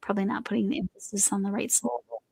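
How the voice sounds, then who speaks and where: A woman's voice: mid-range voice, level tone, racing, creaky, a little mellow, husky, dry recording, rough recording. A middle-aged woman hosting a crochet livestream, rambling in casual chat with a voice that is slightly going. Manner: rambling, chatty, trails off and restarts.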